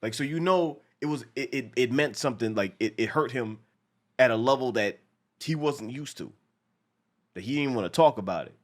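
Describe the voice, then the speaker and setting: A man co-hosting a casual show reaction, talking in a profane, animated way and acting out lines from the episode. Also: medium pitch, moderate pace.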